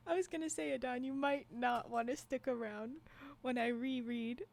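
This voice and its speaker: A woman's voice: fairly high pitch, steady tone, normal speed, creaky, darkish tone. A woman livestreamer chatting casually with her viewers, rambling through asides and laughing often. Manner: frequent restarts and trailing asides. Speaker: livestream storyteller. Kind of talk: casual chat with live viewers.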